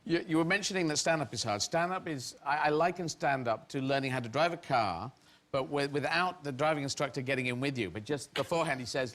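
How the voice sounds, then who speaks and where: A middle-aged English comedian, a guest on a talk show, speaks quickly in a medium-pitched, fairly bright voice. He tells rambling anecdotes, often breaking off and laughing through them.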